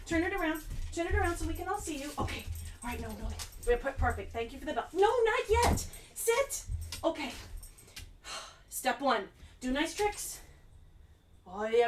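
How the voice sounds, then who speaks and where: A woman's voice: high voice, echoey room, recorded from a distance, a little hiss or hum. A playful, chatty woman hosting a live virtual show over a video call, talking the audience through each step. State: out of breath. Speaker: performer and host.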